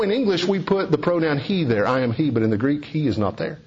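A man preaching a sermon, rising to emphatic high points and dropping to hushed low passages. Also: sing-song, fast talker, few pauses. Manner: wide swings between soaring emphasis and hushed low passages. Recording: dull lo-fi recording.

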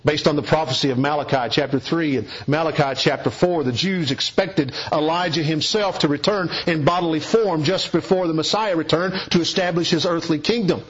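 A man preaching an expository sermon, emphatic and deliberate, leaning hard on key words. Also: a little high, breathy edge, muffled recording.

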